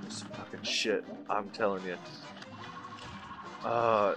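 Male let's-play host, bright sharp voice, lively pitch, cursing and muttering, faint game music under. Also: normal speed. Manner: swearing, exasperated, mutters under breath then yells in frustration. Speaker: gaming channel host.

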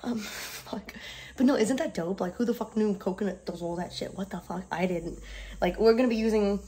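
Casual profane woman vlogger, tired and rambling, warm low-toned timbre. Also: moderate pace. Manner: profane, rambling, laughs often. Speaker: beauty brand owner vlogging. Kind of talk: casual vlog monologue.

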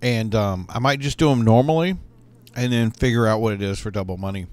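A man's voice: lowish voice, a little fast, a little mellow. A man giving casual, rambling commentary while playing a video game, thinking aloud with many fillers and restarts. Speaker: gaming YouTuber.

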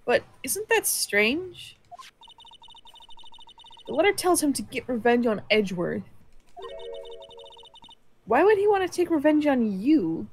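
A woman voicing an earnest, nerdy young male lawyer with a slow, questioning delivery. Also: sits high, big pitch swings, slight background noise, full character voice. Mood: puzzled. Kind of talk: reading game text aloud in character.

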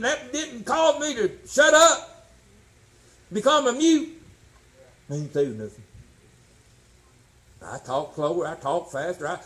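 High-voiced older preacher, emphatic. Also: male voice, rough recording. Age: 60s. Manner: folksy, emphatic, swings from shouting to low tones. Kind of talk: sermon.

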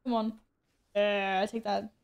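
A woman's voice: mid-range voice, little pitch movement, measured pace, creaky, clear, resonant tone, lo-fi sound. A woman streaming a game, chatting casually with viewers, joking at her own expense and laughing often. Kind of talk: casual gameplay stream chat.

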